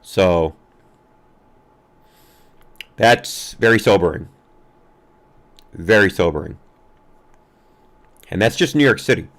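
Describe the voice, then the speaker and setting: Deep-voiced man hosting news commentary. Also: lively intonation, fairly bright tone. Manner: halting, many fillers and restarts. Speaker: live-stream news commentary host.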